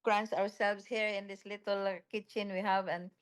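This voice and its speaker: A woman who leads a local office speaks from its small kitchen over a video call, explaining things and reassuring others in a halting way. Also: medium pitch, little pitch movement, smooth. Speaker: local office leader answering questions.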